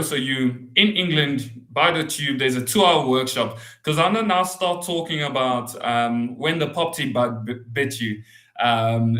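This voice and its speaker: Host guy, bright voice, chill matey questions, roomy echo. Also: mid-range voice. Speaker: podcast host. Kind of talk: casual podcast interview. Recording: echoey room.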